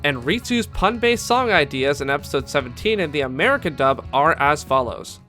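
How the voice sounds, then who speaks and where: A man narrates a scripted video essay as an anime commentator, his fairly high voice lively in intonation, bright and forceful, at a moderate pace. He's enthusiastic and candid, with fan asides, over faint background music.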